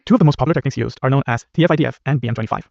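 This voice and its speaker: A man explains a technical lesson at a rapid clip, his voice carrying a gravelly edge. He keeps a brisk, steady, explanatory manner throughout. The recording is dry and a little dull. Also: medium pitch, no echo. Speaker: course instructor. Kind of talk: scripted technical lesson narration.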